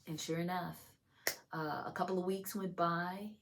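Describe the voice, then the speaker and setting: Woman host, casual religious testimony; exuberant, breaks into soft whispered prayer. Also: lowish voice, moderate pace, noisy background. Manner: exuberant, shifts between loud excitement and hushed whispers; chatty, many fillers like "you know". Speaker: video host sharing testimony.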